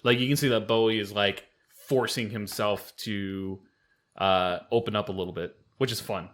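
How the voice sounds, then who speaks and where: A man hosting a casual podcast, talking in animated bursts with plenty of fillers, restarts and swearing. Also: lowish voice, moderate pace. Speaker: podcast host and game master.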